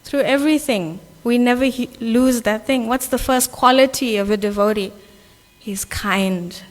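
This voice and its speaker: Speaking at a measured pace in a fairly high voice, a South African woman delivers a sincere, chatty sermon to a Sunday temple gathering. She keeps asking "right?". Her words ring with the long reverb of the hall.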